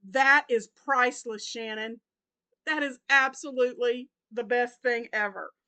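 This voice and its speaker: A middle-aged woman talks casually through a gift unboxing, unhurried and chatty. Her voice sits high and bright, and she keeps dissolving into helpless laughter. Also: clean tone. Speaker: crochet vlogger.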